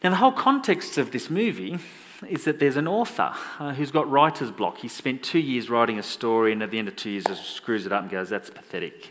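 A man preaching a sermon in a lively, conversational way, joking with the congregation. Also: mid-range voice, long reverb tail. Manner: animated, conversational, jokey asides to the congregation.

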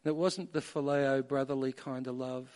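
A man preaching a sermon, measured at first and building to emphatic peaks. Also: mid-range voice, fairly even intonation, darkish tone. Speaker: pastor.

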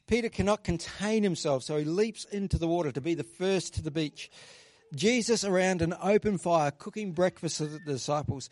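A man's voice: sits high, no echo. A male pastor giving a sermon in a conversational way, reading scripture aloud, praying, and acting out quoted voices along the way.

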